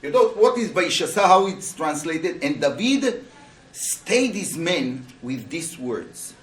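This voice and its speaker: A male rabbi teaches a Torah class, pressing his students with animated rhetorical questions. His voice sits high and leaps around in pitch. He is picked up from a distance, with the echo of the room around him. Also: slow pace. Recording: roomy, voice from a distance.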